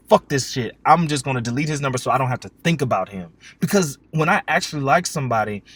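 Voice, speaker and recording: A young man hosting a podcast, telling a casual dating story with jokes and swearing, acting out his text exchanges in lively voices. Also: fairly high pitch, no echo. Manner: animated, jokey, swears freely, acts out text exchanges. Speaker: podcast host.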